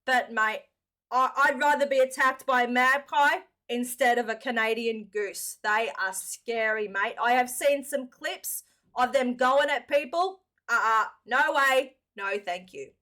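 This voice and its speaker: A woman's voice: a little high, measured pace, bright, forceful tone. An Australian woman hosting a reaction video, chatting upbeat and casually, calling the viewers mate.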